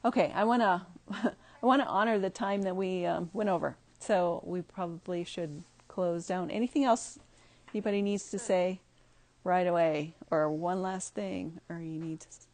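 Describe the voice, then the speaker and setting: A woman leading a group workshop, talking haltingly with many fillers and frequent laughs. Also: lowish voice, darkish tone. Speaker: workshop leader. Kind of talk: group discussion, teaching.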